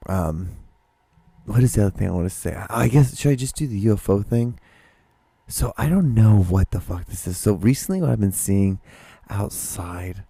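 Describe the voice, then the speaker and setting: Guy doing a solo podcast, deep mellow voice, rambles and swears, super dry close sound. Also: vocal fry, husky, dry recording. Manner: rambling, many restarts and swearing. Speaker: podcast host. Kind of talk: casual solo monologue.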